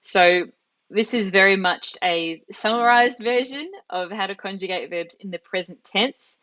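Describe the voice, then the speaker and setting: Unhurried and patient, a woman with a mid-range, slightly bright voice teaches Italian in a live online class. Heard a bit muffled over a computer microphone, she works through material methodically, step by step, using examples.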